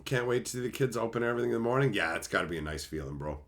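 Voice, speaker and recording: A man hosting a casual livestream, chatting with viewers in a profane, animated way and slipping into quick silly impressions. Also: mid-range voice. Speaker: livestream host. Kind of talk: casual livestream chat, reading viewer messages.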